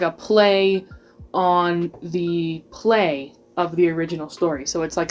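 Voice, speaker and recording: A woman's voice: fairly low pitch, a little mellow. A woman giving a rambling, casual video essay, full of filler words.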